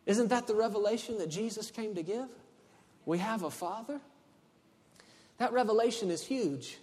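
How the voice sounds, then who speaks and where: A man from Texas preaching a sermon, swinging between hushed passages and loud, emphatic ones. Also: high-pitched, brisk. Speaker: pastor. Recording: long hall reverb.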